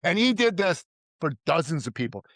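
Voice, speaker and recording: A man from Iran talking as a guest in a casual interview. His voice sits a little high for a man, and he is recorded dry and close. He tells his stories with energy and slips into the voices of the people he quotes. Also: moderate pace, no echo. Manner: animated storyteller who acts out quoted voices and often says "like" and "right?". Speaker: podcast guest, entrepreneur.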